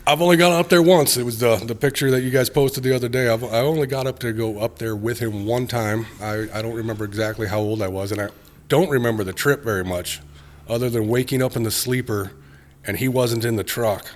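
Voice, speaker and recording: A man's voice: mid-range voice, a little fast. A man from Alaska, a truck driver, telling stories in a casual, self-deprecating way and repeating phrases as he goes. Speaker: guest, haul road truck driver. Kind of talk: casual interview storytelling.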